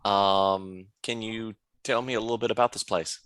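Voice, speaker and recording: A man's voice: lowish voice, fairly even intonation, moderate pace, fairly bright tone, a little hiss or hum, lightly acted. A man playing an earnest male knight of a nature order, polite and hesitant.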